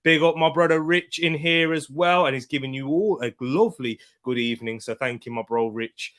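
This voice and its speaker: A young man hosting a live football watchalong stream from home, tired, chatting casually, giving slangy shout-outs and reading out viewers' comments. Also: on the high side, a little fast. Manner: chatty, greets viewers and reads out chat comments.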